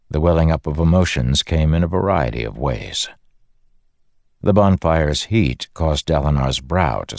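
Very deep, gravelly male narrator. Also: a little mellow, dry recording, studio quality. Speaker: audiobook narrator. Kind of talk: scripted fantasy narration.

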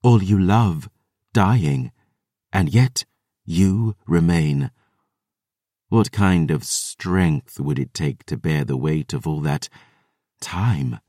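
A man voicing a solemn woman in an audiobook, speaking softly and with measured, hushed gravity. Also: sits low, dry recording, clean studio sound. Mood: awed. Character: ancient-minded solemn woman, hushed and awed.

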